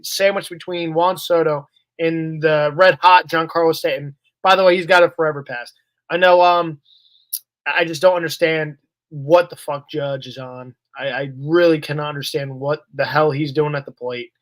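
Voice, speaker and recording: A man's voice: a little high, a bit bright, no echo. A man co-hosting a sports podcast, bluntly and profanely complaining about a player. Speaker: podcast co-host.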